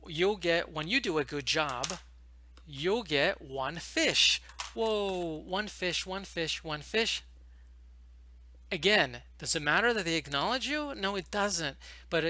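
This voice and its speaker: A man teaching how to run an online English lesson, talking fast and emphatically and acting out classroom phrases. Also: a little high, sharp tone, no room sound, poor audio. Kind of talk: instructional talk to camera.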